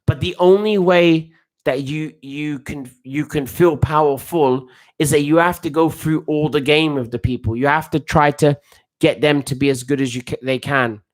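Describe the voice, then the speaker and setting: A man's voice: on the high side, normal speed. A man giving a casual, rambling live reaction to a football match as a coach, full of restarts and slang. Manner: excitable, rambling, with frequent restarts and slang like "bruv".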